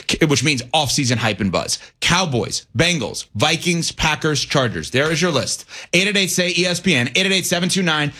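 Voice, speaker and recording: A man's voice: high voice, pushed and bright, slightly rough. A male sports radio host arguing his points emphatically, with sarcastic asides.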